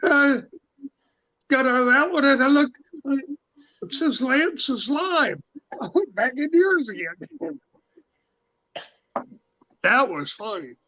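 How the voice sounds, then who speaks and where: Chatty man in casual stream talk, high and bright, dry close sound, dull lo-fi audio. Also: expressive, slow pace, pauses often, no room sound. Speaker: livestream chat participant. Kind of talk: casual chat.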